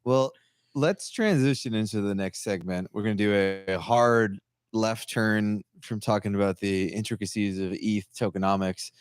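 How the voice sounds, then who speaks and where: A man co-hosting a casual live-streamed podcast, chatting in a lively way and acting out other people in his stories. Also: fairly low pitch, moderate pace, clear, resonant tone, dry recording, studio quality. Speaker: podcast co-host.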